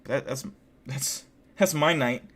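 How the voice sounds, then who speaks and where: Male streamer, mid-pitched voice, loose and rambling, curses constantly, casual live-stream chat. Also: unhurried, fairly bright tone. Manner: rambling and heavily profane, many fillers like "like".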